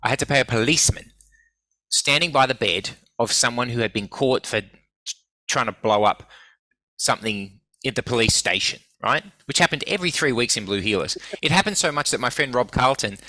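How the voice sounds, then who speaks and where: A man's voice: medium pitch, brisk, no echo. A man, a guest telling casual stories with lots of swearing and acted-out quotes. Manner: swearing, animated anecdotes acting out quoted voices. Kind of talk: casual storytelling.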